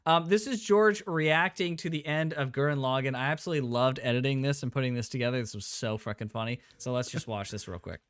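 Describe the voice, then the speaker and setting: A young man co-hosting a casual live stream, excitable and quick to exclaim and laugh. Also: medium pitch, clean tone. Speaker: co-host.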